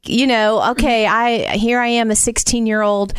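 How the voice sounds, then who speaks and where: A woman's voice: on the high side, little pitch movement, normal speed, clear, resonant tone, dry recording. Middle-aged woman, mild Southern accent, chatty storyteller, dry close recording. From Northwest Indiana. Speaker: guest. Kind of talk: casual conversation.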